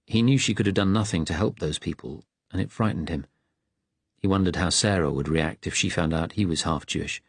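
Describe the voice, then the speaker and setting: A man narrates an audiobook in steady, measured tones, his voice low and husky. He reads close to a studio mic in a dry, dead space. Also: no room sound. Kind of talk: scripted narration.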